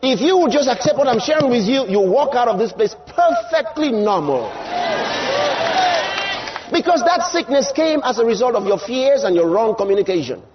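Male preacher, high and animated voice, emphatic and repetitive, dull live-sermon recording. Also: moderate pace, crowd noise, noisy background. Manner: emphatic, repeats lines, rises to shouts.

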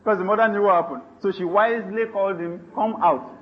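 A male pastor preaching a sermon, animated, laughing and calling for responses from the congregation. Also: high-pitched, rapid-fire, muffled recording.

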